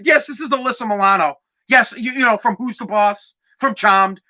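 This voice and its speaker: A man's voice: high-pitched, moderate pace, bright, forceful tone. A man doing a mocking impression of an actress who stammers and fishes to be recognized. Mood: eager. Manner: fawning, stammering. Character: flustered actress eager to be recognized.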